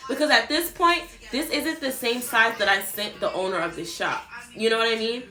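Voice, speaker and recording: Animated, bright-voiced young woman vlogger. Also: a little high, unhurried. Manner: animated, chatty, swears, addresses viewers directly. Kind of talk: casual storytime chat. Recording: roomy echo, faint background music.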